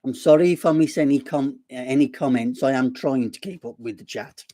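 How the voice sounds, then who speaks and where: A man's voice: mid-range voice, normal speed, warm tone. A man with a Black Country accent hosting a casual live stream, rambling and self-deprecating as he chats. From Black Country, West Midlands.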